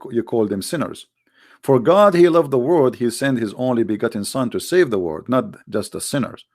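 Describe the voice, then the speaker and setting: A man's voice: mid-range voice, creaky, a little mellow. A man delivering a solo commentary monologue with a sarcastic, emphatic manner, speaking English with non-native grammar. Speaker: online debater.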